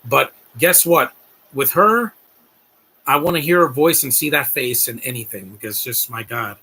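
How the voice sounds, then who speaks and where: Gravelly, gushing male live streamer. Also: medium pitch, normal speed, pushed and bright. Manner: gushing, rambling, talks to chat. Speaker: live streamer reacting to a film. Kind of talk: casual live-stream commentary.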